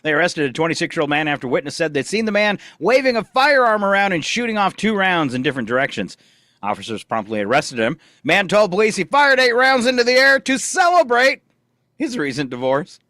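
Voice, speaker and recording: Easygoing radio host, dry studio sound. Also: male voice, high voice, a little fast, dry recording. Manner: easygoing, relaxed news reading. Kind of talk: morning radio show chat. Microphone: studio microphone.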